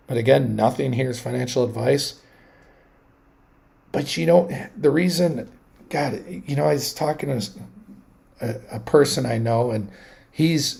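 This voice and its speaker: Gravelly husky man on a livestream. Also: mid-range voice. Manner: rambling and animated, restarts, quick laughs. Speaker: livestream host. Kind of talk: casual livestream chat.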